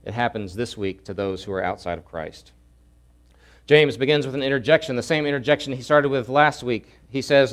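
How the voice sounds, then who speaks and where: A man preaching a sermon, swinging from loud urgent pleading to hushed, low asides. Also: a little fast. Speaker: pastor.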